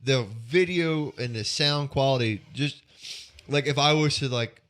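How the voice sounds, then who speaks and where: A man's voice: mid-range voice, measured pace, fairly bright tone, smooth. A man co-hosting a podcast, talking in a casual, rambling way with a nasal voice and lots of swearing. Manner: rambling, profane, joking. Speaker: podcast co-host. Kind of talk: casual chat.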